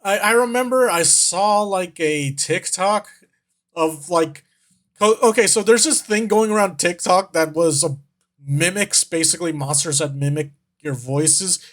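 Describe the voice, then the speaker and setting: A man's voice: sits high, measured pace, fairly bright tone. A man streaming as a vtuber, chatting casually as he reacts to videos, rambling, laughing and swearing.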